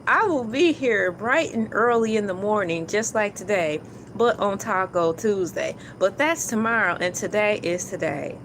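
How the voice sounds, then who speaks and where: A woman's voice: mid-range voice, a little slow, noisy background. A woman hosting a casual morning livestream, joking playfully and slipping into silly voices. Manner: playful, jokey, drops into silly put-on voices. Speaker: livestream host.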